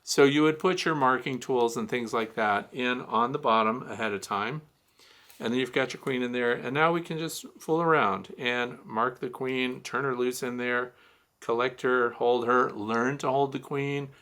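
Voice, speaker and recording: A man's voice: medium pitch, normal speed, bright, forceful tone. A man hosting a beekeeping Q&A, giving a blunt, teasing hands-on demonstration of gear. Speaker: beekeeping show host.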